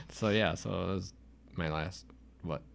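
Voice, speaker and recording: A man's voice: low-pitched, big pitch swings, takes it slowly, creaky, fairly bright tone. A young man co-hosting a casual podcast chat, laid-back and teasing. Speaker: podcast co-host.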